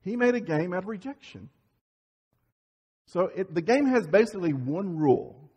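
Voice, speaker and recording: A man preaching a Sunday sermon, telling stories in a lively way, acting out quoted voices and often restarting his sentences. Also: high-pitched, moderate pace, slightly rough, highs cut off. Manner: animated storytelling, acts out quoted voices, many restarts. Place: church sanctuary. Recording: church sermon audio with long reverb.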